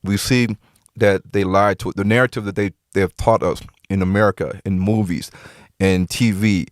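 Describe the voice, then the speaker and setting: A man guesting on a podcast tells stories with emphasis, retelling conversations through lots of quoted lines and often repeating himself. His voice sits on the low side with a steady tone at a normal speed. The studio recording is clean, with no echo.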